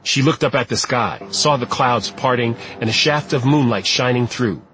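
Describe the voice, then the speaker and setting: A man narrating an audiobook in a steady, measured storytelling voice. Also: medium pitch, slight background noise, rough recording. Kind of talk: scripted narration.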